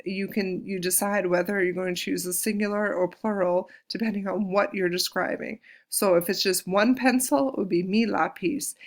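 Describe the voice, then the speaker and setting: Casting note: woman, Spanish teacher, gravelly edge, patient and clear, slows down to model words. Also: medium pitch. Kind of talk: recorded classroom lesson.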